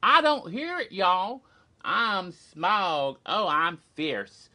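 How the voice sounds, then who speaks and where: A man's voice: sits high, big pitch swings, extremely slow, sharp tone, voice pushed up, full character voice. A man doing a campy southern-drawling puppet dragon. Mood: preening. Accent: put-on genteel American Southern. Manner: drawling, flamboyant, says y'all.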